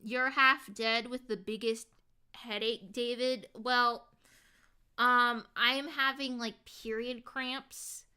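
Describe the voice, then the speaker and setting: Woman, streamer, casual livestream chat, fairly high voice, smooth and clear, filler-heavy. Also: fairly even intonation, takes it slowly, bright, forceful tone. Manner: chatty, many ums and likes.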